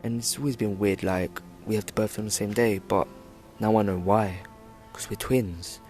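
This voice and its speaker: Speaking at a moderate pace, a young man tells a personal story for his vlog, wandering along with many "like" fillers. His voice is on the low side, darkish and fairly even in intonation, with soft music in the background.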